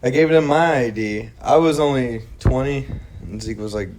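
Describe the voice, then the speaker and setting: A man co-hosting a casual podcast, telling a long story with lively acted-out quotes and plenty of swearing. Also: mid-range voice, moderate pace, a little hiss or hum. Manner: animated storyteller who swears freely and acts out quotes. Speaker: podcast co-host.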